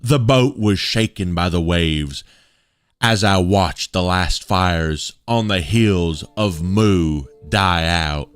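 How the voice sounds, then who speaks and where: A man voicing an ancient male traveler mourning his lost homeland, with a put-on Chinese accent and a slow, solemn delivery. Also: sits low, smooth, no room sound.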